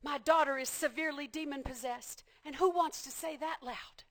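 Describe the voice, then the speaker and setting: A woman preacher delivering a passionate sermon, repeating phrases and building to shouts. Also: high-pitched, steady tone, normal speed.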